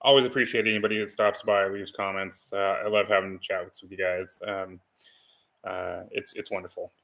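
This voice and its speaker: Male channel host, low-pitched, bright tone; casual rambling live chat, lots of fillers. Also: little pitch movement, normal speed, gravelly. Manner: rambling, full of ums and restarts.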